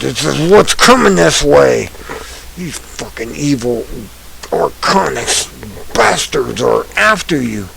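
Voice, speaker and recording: A man giving ranting online news commentary. He reads headlines and then rants angrily, swinging from low mutters to shouts. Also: gravelly, a little hiss or hum, poor audio.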